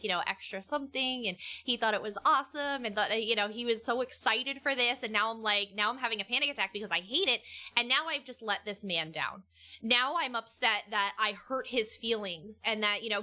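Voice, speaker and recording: Young woman, casual vlogger, bright slightly high voice, rambly with restarts. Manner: rambling, many restarts and laughs. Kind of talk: casual chat.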